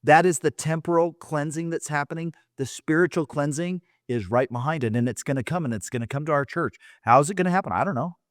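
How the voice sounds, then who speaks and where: Male co-host, slightly high pitch, emphatic and insistent, dry close sound. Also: quick pace, few pauses, no room sound. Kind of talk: casual chat.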